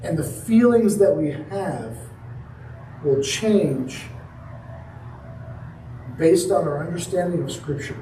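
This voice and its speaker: A man's voice: a little high, animated, slow, long pauses, dark tone, slight background noise. A man preaching a sermon, telling a story and acting out the quoted lines. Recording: echoey room from a distance.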